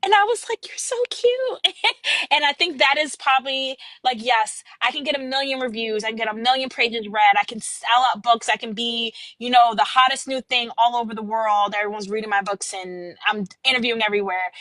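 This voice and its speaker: A woman in her thirties, an author chatting in a podcast interview, who tells lively stories, laughs often and acts out quotes. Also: a little high, fairly quick, dry recording, rough recording. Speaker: author guest.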